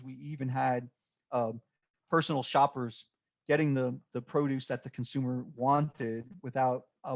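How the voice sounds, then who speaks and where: Guy presenting slides, mid-pitch voice, lots of ums and restarts. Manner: unscripted and halting, with many fillers and restarts. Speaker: extension presenter.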